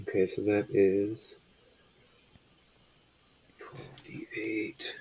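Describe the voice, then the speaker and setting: A man's voice: fairly low pitch, little pitch movement, very slow, darkish tone, husky, rough recording. Man running a tabletop game, loose narration. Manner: loose, filler-heavy narration. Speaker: game master.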